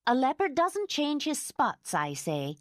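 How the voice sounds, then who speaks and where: A woman voicing a fierce, protective older housekeeper who talks in indignant, excitable outbursts. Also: high voice, measured pace, no echo, studio quality, pitched above the performer's own voice, exaggerated voice. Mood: fussing.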